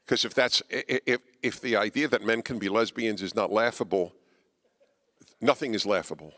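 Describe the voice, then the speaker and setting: A man giving a speech to a live audience, emphatic and combative with a wry edge, his voice swinging between quiet asides and loud, pointed lines. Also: fairly low pitch, normal speed. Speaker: guest speaker. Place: auditorium with an audience. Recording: reverberant hall.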